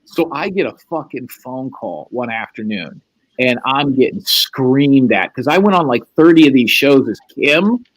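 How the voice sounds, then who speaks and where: A man's voice: medium pitch, a little slow. A man hosting a show, telling a profane story casually and acting out the quotes. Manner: profane, animated, acts out quotes. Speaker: host.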